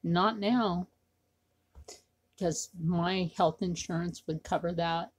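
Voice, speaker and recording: A woman's voice: fairly low pitch, steady tone, slow pace. A woman talking casually to her camera in a rambling, repetitive way, with many fillers. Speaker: vlogger.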